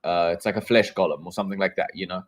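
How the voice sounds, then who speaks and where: A man's voice: deep voice, fairly even intonation, very fast, rough recording. A man running a tabletop game as game master, narrating with many fillers and restarts.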